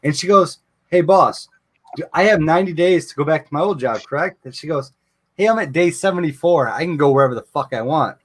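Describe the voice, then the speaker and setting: A man's voice: a little high, fairly quick. A man hosting a casual live chat, telling a long profane story about his wife's job. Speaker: show host.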